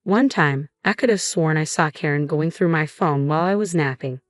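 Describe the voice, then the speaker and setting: Low-voiced woman narrating a story. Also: normal speed, no echo, studio quality. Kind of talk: scripted first-person story narration.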